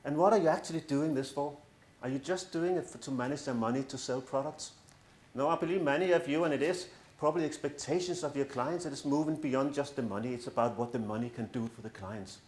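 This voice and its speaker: A middle-aged coach presents to an audience in a large, echoey room, earnest and persuasive with a bit of self-mocking humor. His mid-range voice is a little mellow and moves at a quick pace.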